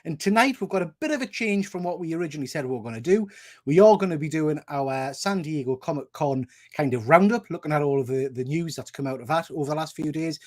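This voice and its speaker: Upbeat Geordie male host, high and very lively delivery, joking stream chat. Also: fast. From North East England. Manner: jokey, upbeat, laughs often. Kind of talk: casual livestream chat.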